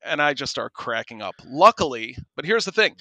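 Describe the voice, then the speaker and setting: A man's voice: medium pitch, moderate pace, no room sound. A man co-hosting a podcast, telling a story casually and animatedly, acting out the people he quotes. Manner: animated, acts out quoted voices. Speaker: podcast co-host.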